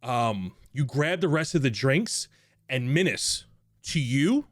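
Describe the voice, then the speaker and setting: A young man narrates a tabletop game as game master in a relaxed, casual way, full of fillers and restarts. He sits at a middle pitch. Faint music plays behind him. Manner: casual narration with many fillers, puts on quick character voices.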